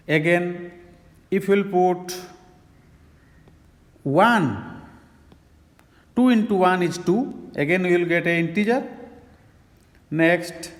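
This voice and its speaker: A man explaining a math problem step by step, slowly and methodically. His voice sits a little high. The recording has a long reverb from the room. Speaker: math teacher.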